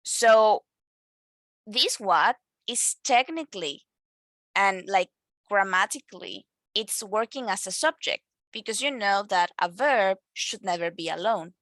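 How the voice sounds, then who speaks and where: Woman teacher, bright dry voice, lots of "like" and "um" as she explains. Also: mid-range voice, lively intonation, unhurried, dry recording. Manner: explanatory, many fillers and self-corrections. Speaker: English teacher. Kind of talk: online grammar lesson.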